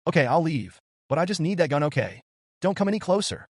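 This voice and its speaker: A man's voice: mid-range voice, sing-song, fairly quick, dry recording, clean studio sound, voice pushed up. A man voicing a frightened young woman who pleads through held-back tears. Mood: desperate pleading. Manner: pleading, tearful. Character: frightened desperate young woman holding a gun.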